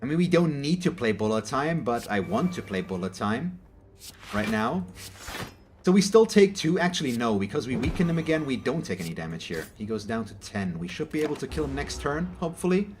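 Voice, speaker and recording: A man's voice: medium pitch, sing-song, fairly quick, a little mellow, a little hiss or hum. A man from Germany, a native German speaker, giving casual, rambling gameplay commentary in English and often correcting himself mid-sentence. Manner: rambling, self-correcting, chatty. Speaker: gaming channel host.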